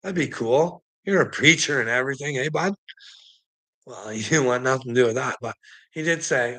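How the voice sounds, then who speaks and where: A man's voice: medium pitch, animated, normal speed, a bit bright. A man telling a personal story in a casual monologue, sarcastic and profane, swearing freely and laughing often between lines.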